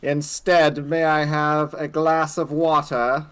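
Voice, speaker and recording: A man's voice: on the high side, little pitch movement, takes it slowly, a bit bright, smooth. A man voicing a stern, humorless male crusader in a tabletop game, stiff and formal. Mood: solemn.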